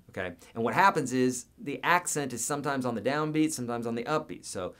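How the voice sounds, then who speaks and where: A man's voice: mid-range voice, expressive, fairly quick, hardly any pauses. A man hosting a live guitar Q&A, chatting casually, reading viewer comments aloud and counting out beats and picking patterns.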